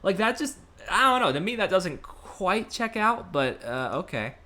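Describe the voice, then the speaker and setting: A man casually commenting while streaming a puzzle game, chatty and quick to laugh. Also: high-pitched, sing-song, bright, forceful tone.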